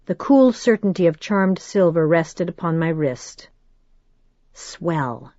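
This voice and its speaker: A woman reading a first-person audiobook in a measured, steady storytelling manner. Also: fairly low pitch, no echo, highs cut off. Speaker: audiobook narrator.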